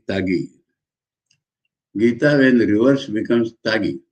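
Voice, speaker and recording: A man, a monk giving a measured scripture commentary lecture, pausing between phrases. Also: on the low side. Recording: dull lo-fi lecture recording.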